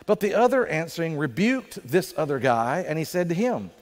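A male pastor preaching a sermon in a conversational way, slowing down for emphasis. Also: fairly high pitch, big pitch swings. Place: church sanctuary. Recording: reverberant church sanctuary.

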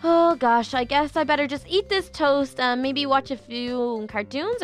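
A woman's voice: high voice, measured pace, hardly any pauses. A woman hosting a Minecraft roleplay, talking to herself in anxious, rambling bursts full of fillers and restarts. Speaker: channel host playing her own character. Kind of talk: Minecraft roleplay narration and voice acting.

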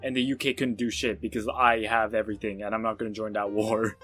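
A man giving casual, sarcastic let's-play commentary on a strategy game, with excitable outbursts and self-mocking asides. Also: on the low side, a little fast, soft background music. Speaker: gaming YouTuber.

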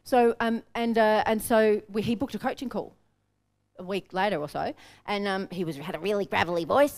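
An Australian woman teaching a room of business owners, brisk and plain-spoken. She drives her points home with quick anecdotes and direct advice. Her voice sits at an ordinary middle pitch. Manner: energetic, direct, storytelling. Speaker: business coach. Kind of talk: workshop teaching. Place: seminar room with an audience.

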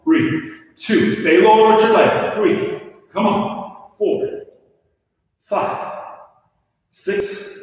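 A man leading a home workout, counting reps and calling out brisk motivating cues while he exercises. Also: high-pitched, sing-song, darkish tone, a little hiss or hum. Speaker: fitness instructor. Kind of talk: live home workout coaching. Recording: echoey room, distant from mic.

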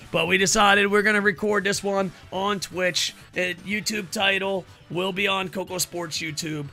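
A man with a high, gravelly voice calls a wrestling video game match for his live-stream chat, sharp and bright in tone. He is playful and hams up announcer-style intros, with faint music running underneath. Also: a little slow. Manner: playful, ring-announcer flourishes, talks to chat. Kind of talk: casual live-stream commentary.

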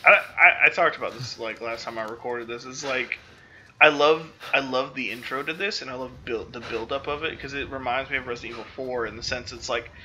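A man's voice: mid-range voice, bright, forceful tone, slight background noise. A man giving casual gameplay commentary, rambling and self-interrupting, full of fillers. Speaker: let's play host.

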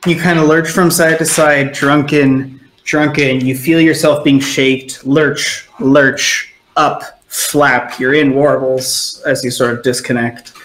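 A man's voice: medium pitch, a bit bright. A man narrating a tabletop role-playing game as game master, in a loose, descriptive storytelling way. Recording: echoey room.

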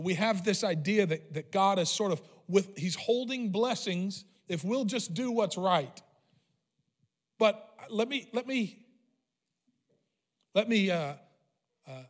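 A pastor telling a personal story in a sermon, conversational with frequent fillers and restarts. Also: male voice, sits high, in a large hall. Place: church sanctuary.

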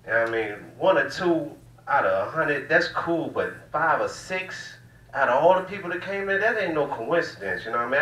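Brief: male comic, bright loose delivery, roomy distant live-room sound. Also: mid-range voice. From Southern United States. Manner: loose, profane, drawling storytelling. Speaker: stand-up comedian. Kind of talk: stand-up set. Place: small cafe room used as comedy venue. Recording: roomy room, distant mic, faint hiss.

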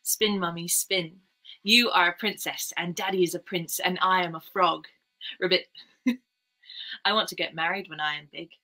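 A woman's voice: fairly low pitch, steady tone, a little slow, pushed and bright, heavily acted. A woman voicing a small girl who pleads with her mother in a breathless, tearful way. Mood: playful.

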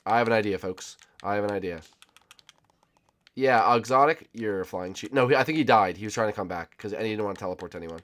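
A man giving casual, jokey gameplay commentary as a video host, often bursting into loud excited cries. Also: on the low side, fast. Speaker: gaming YouTuber.

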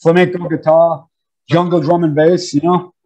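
Man in his 50s, from New York, higher pitch, mellow tone, animated slangy storyteller. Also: moderate pace, rough recording. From New York, USA. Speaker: drummer, interview guest. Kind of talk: casual storytelling interview.

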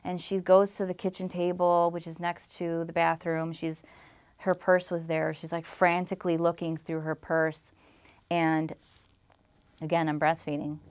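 A young woman recounts an upsetting personal ordeal in a rambling, filler-heavy way, slipping into the voices of the people involved. Her voice sits low and sounds smooth and clear. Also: level tone, a little slow, darkish tone. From Illinois. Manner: rambling storytelling, full of "like", acts out quoted exchanges. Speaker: interview guest. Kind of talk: emotional personal account.

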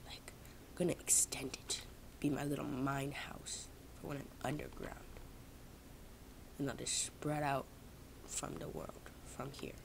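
Low, gravelly young woman rambling. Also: little pitch movement, measured pace, pauses often, in a whisper. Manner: rambling, self-mocking, talks to viewers. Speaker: gaming vlogger. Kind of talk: casual gameplay commentary. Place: home, indoors.

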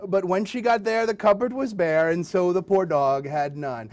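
A man's voice: high voice, moderate pace, a little mellow. A man performing as a children's puppeteer, telling nursery rhymes in a playful, sing-song way and chatting with his audience. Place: hospital closed-circuit TV studio.

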